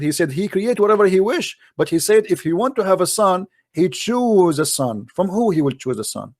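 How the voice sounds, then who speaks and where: A man's voice: high-pitched, very animated, normal speed, hardly any pauses, no room sound. Argumentative man, dry close sound. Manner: argumentative, mocking, challenging. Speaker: host. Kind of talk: debate on a live call-in stream.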